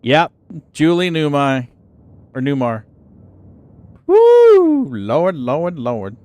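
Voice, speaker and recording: A middle-aged man hosting a livestream, chatting casually with viewers in a rambling, chatty way full of exclamations. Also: on the high side. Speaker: livestream host. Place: home computer setup.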